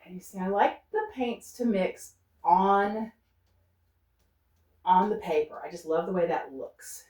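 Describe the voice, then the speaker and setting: A woman's voice: medium pitch, unhurried, darkish tone. A woman talking through her painting as she works, thinking aloud and coaxing herself to stay loose and not fuss over details. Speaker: painter demonstrating. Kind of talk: unscripted painting demonstration. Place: art studio. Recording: roomy studio sound from a distance.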